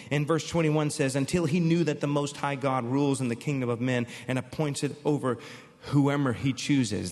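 Animated man preaching in a reverberant hall. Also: a little high. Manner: animated, emphatic preaching with storytelling asides. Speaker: pastor. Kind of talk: sermon.

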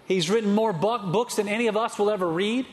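A male pastor delivers a sermon in a notably high voice. He drives his points home with emphatic, repeated phrases. His words ring out with a long reverb through a large sanctuary. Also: a little fast, a little hiss or hum. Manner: emphatic, repetitive cadence.

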